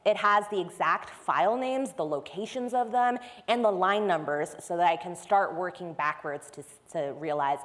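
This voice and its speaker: A woman's voice: fairly low pitch, normal speed, few pauses, a bit bright. Woman giving a conference talk, chatty and explaining things step by step, big echoey hall. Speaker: conference speaker. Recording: long hall reverb.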